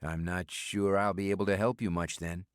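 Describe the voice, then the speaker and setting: A man's voice: sits low, steady tone, moderate pace, clean tone, no echo, clean studio sound, natural voice. A man voicing a guarded, blunt businessman in an audiobook thriller, raising his voice a little above his narrating tone. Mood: wary. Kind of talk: audiobook character voice.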